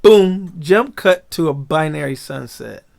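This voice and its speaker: Slow, gravelly man recapping a show. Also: fairly high pitch. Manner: animated, slangy, laughs often. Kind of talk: casual episode breakdown.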